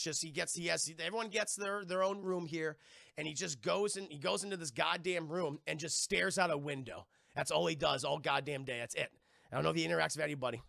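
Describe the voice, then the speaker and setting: Male streamer, profane rambling recap, sharp tone, dry close sound. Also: fairly high pitch, gravelly, dry recording. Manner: profane, rambling, keeps addressing chat; acts out quoted lines in quick voices. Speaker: streamer reviewing a TV episode. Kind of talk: casual livestream recap.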